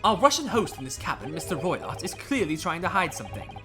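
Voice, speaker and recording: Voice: medium pitch, sing-song, fast, close to an everyday voice. A streamer voicing a pompous, boastful male detective in a game, reading with theatrical flair over game music. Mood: grandiose.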